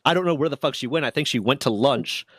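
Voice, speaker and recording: A man's voice: medium pitch, fast, breathy edge, no echo, studio quality. Rambling, profane man telling a story. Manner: rambling, profane, lots of restarts. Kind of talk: casual storytelling chat.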